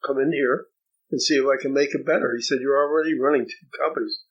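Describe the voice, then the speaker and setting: An older man from New Jersey recounts his past as an interview guest. He speaks in an average male pitch, thinks aloud and restarts sentences, repeating words as he goes. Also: fairly even intonation, fast, fairly bright tone, highs cut off. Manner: reflective, repeats words when starting sentences. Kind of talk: storytelling interview.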